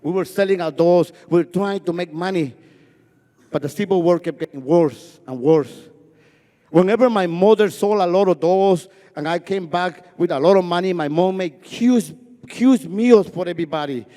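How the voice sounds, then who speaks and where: This high, mellow-voiced man from Guatemala, a native Spanish speaker, shares something personal from a festival stage at an even, moderate tempo. His repeated phrases create a rhythm despite his stutter, and every line trails off into a long hall reverb.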